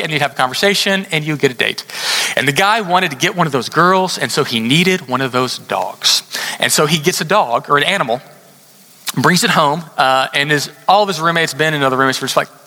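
A man preaching a sermon, telling a story in a conversational way and slowing down hard to stress his points. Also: on the high side, animated, pushed and bright. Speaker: pastor. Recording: long hall reverb.

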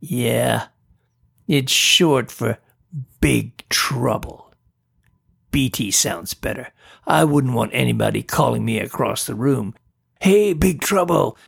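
A man voicing a goofy horned male ink-blot monster who talks gruffly in a casual, chummy way, in a storybook reading. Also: medium pitch, lively intonation, slow, long pauses, a bit bright, no echo, clean studio sound, exaggerated voice.

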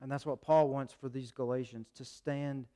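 A man preaching a sermon as pastor, urgent and animated, acting out little quotes. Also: medium pitch, normal speed.

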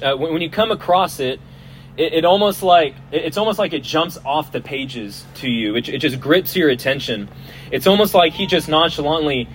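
Male preacher, slightly high voice, loose joking outdoor sermon, faint hum and vehicles behind. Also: poor audio. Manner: casual and joking, repeats and restarts words. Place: outdoors at a festival.

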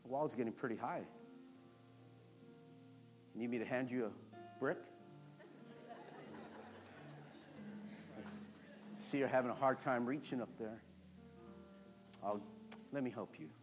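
A man's voice: mid-range voice, moderate pace, long pauses, over music, voice pushed down, close to an everyday voice. A man voicing a fed-up wife who doubts her husband will change, grumbling and skeptical. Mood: softening.

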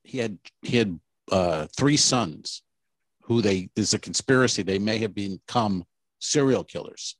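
A man's voice: on the low side, lively intonation, unhurried, no echo. A man co-hosting a casual comedy podcast, telling rambling, profane stories. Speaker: podcast co-host.

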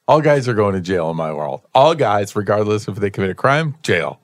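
A man's voice: on the low side, no echo. A man co-hosting a podcast, bantering in a joking, sarcastic way from a radio studio. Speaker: podcast co-host. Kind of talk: casual chat.

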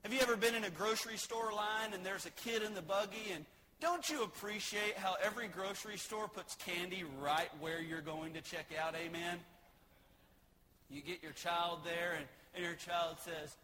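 A man's voice: high voice, steady tone, normal speed, noisy background. A man preaching a sermon in a folksy way, joking and asking the congregation questions. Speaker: pastor.

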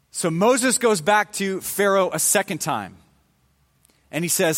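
A man's voice: high voice, lively intonation, measured pace. A man preaching a sermon, retelling a Bible story in a casual, conversational way with everyday slang. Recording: long hall reverb.

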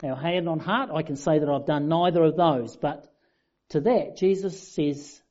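Mellow-voiced preacher, lo-fi. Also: male voice, on the high side, moderate pace. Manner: conversational, self-deprecating humour. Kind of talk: sermon. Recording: dull lo-fi sound.

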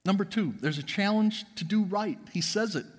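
A pastor delivering an emphatic sermon in a church, swinging between loud and hushed. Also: male voice, high-pitched, normal speed, husky, in a large hall. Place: church sanctuary.

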